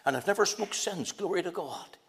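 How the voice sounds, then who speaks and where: A middle-aged man, a preacher, telling his conversion story in a sermon, acting out the dialogue and slowing down for emphasis. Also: high-pitched, animated, creaky, breathy edge. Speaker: preacher giving testimony. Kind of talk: sermon testimony.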